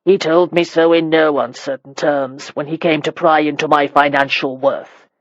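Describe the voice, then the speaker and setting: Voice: medium pitch, steady tone, normal speed, no echo, dull audio, lightly acted. Imperious old marquis, voiced by an audiobook reader, blunt, commanding, dry close recording. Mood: gruff. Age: older. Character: gruff elderly male marquis, imperious and sharp-tongued. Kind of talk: audiobook character reading.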